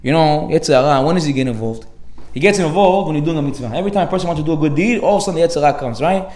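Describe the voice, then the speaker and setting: Fast, energetic rabbi in an echoey hall. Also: male voice, on the high side. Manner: energetic, animated, slips in Hebrew words and slang. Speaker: rabbi giving a Torah class. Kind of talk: lively sermon with acted anecdotes. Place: synagogue hall.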